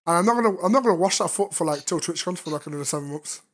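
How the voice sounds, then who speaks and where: A man streaming and chatting in a virtual-reality game, his voice slightly hoarse, rambling playfully and teasing others with sudden loud bursts. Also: high-pitched, animated, rapid-fire. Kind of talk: casual VR chat while streaming. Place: online game, voice chat.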